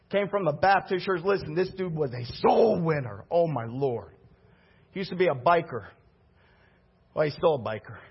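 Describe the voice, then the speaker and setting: A pastor telling a story in his sermon, conversational and animated. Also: on the high side, slightly rough, dull audio. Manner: animated, conversational, acts out the people he quotes.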